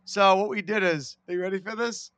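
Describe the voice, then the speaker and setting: High pitched guy on a podcast, very dry sound, swearing and hyped while he tells a story. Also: fairly quick, no room sound. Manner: animated, profane storytelling. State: recovering from a lost voice. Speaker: podcast co-host. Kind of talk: casual chat.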